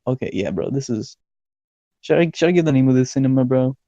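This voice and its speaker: Young male podcast co-host, animated rambling storyteller with a warm, dark voice, recorded close and dry. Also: mid-range voice, fast talker, no room sound, muffled recording. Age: young adult. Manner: excitable, swears a lot, laughs mid-story. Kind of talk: casual storytelling chat.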